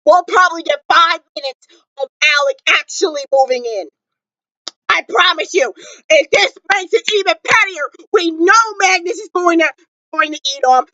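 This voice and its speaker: A teenage TV reviewer in a bedroom, loud and excitable, close to tears as they react to a show. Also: very high voice, normal speed, no room sound, muffled recording. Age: late teens. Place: bedroom at home.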